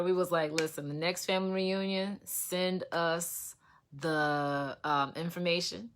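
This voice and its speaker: Emotional low-voiced woman giving testimony. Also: fairly bright tone. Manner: emotional, repeats herself, speaks directly to viewers. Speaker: host of an online prayer livestream. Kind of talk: casual testimony to a live audience.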